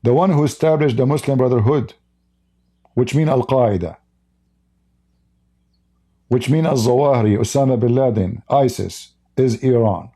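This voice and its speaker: A man's voice: mid-range voice, normal speed, pauses often, mellow. A man hosting a live stream and speaking English as a second language, giving blunt, mocking commentary and reading out viewer chat. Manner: heated, blunt, mocking, with broken non-native English.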